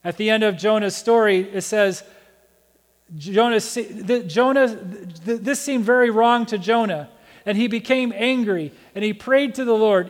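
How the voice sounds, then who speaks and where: A man preaching as a pastor, telling a story with animated acted-out voices. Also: sits high, a little slow. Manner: animated storytelling, acting out Bible characters' voices. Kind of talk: sermon. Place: church sanctuary. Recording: church hall reverb.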